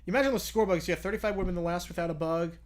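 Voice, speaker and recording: A man's voice: high-pitched, fairly even intonation, fast talker. Young male streamer, casual drowsy Q&A, rambling delivery. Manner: chatty, rambling, self-correcting. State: yawning, drowsy. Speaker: live-stream host answering chat. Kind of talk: casual live commentary and Q&A.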